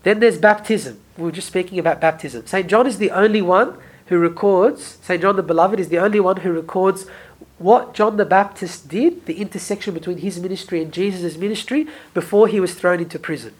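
A Bible study teacher giving an earnest verse-by-verse talk, repeating key phrases for emphasis and moving between emphatic and hushed delivery. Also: medium pitch, brisk, husky.

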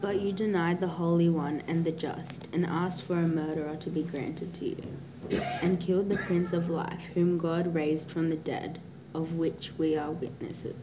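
A woman reading a Bible passage aloud in a steady, plain way for a class. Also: low-pitched, measured pace, background noise. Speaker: scripture reader.

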